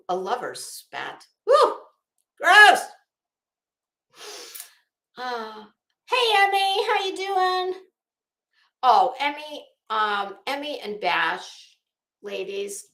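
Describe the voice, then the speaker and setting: A woman's voice: medium pitch, fairly bright tone, echoey room. A woman hosting a casual livestream, chatting sarcastically and greeting viewers in her chat. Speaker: livestream host.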